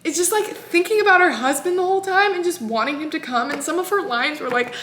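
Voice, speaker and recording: A woman in her twenties casually recapping a novel in an animated, exasperated way, full of "like". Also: extremely high pitch, fast talker, hardly any pauses, a little hiss or hum. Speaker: book vlogger. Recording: echoey room.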